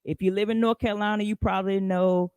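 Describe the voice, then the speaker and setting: A woman hosting a live podcast in a casual, chatty way, greeting viewers by name and rising high in pitch for emphasis. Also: fairly even intonation, quick pace, darkish tone, smooth, no echo. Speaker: podcast host.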